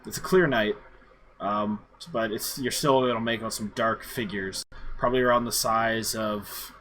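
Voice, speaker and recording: A man running a tabletop game as dungeon master, narrating in a relaxed, halting way with fillers. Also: lowish voice, slight background noise, low-quality recording.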